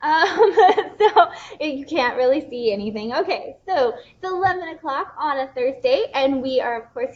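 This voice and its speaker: A woman's voice: sits high, dull audio, a little hiss or hum. A young woman hosting a casual bookstore livestream, chatty and bubbly, rambling with lots of fillers. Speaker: bookstore young adult specialist, livestream host.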